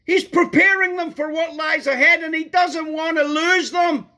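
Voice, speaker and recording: A man's voice: very high voice, fairly even intonation, normal speed, bright, forceful tone. A man preaching a sermon, emphatic and repeating key words for stress.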